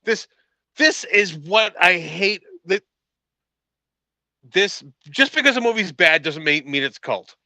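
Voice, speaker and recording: Podcast co-host, man, very bright high voice, stammering in frustration, dry close sound. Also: expressive, takes it slowly, long pauses, no echo, rough recording. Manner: exasperated, stammering rant. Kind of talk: casual movie discussion. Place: room at home, late evening.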